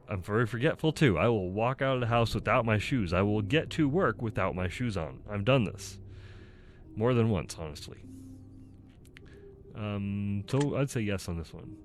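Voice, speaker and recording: Man, low-pitched, casual vlogger, blunt and rambling, chuckles a lot. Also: slight background noise. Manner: candid, rambling, laughs often at himself. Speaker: YouTuber taking an online personality test. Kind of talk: casual self-recorded talk, reading questions aloud and answering.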